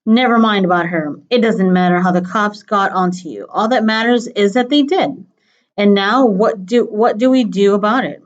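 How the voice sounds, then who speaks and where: A cold, bossy middle-aged kidnapper barks gruff orders, as a woman reads him from a storybook. The voice sits at an ordinary pitch, and the recording sounds dull and lo-fi. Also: normal speed, lightly acted. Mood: menacing.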